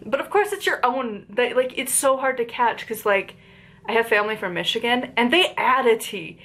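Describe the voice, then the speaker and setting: A fairly high, animated voice at a moderate pace, slightly bright, belongs to a woman from Appalachia in the United States. She reviews a book on her channel, rambling casually with many fillers and digressions.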